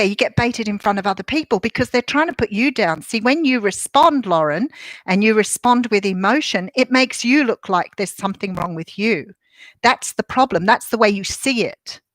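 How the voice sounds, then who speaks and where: Aussie woman chatting live to viewers, middle-aged, mid-pitched, dry close sound. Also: fairly bright tone, no echo, poor audio. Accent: Australian. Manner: chatty, reflective, greets viewers by name mid-thought. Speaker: livestream host. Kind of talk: casual live chat talking to viewers.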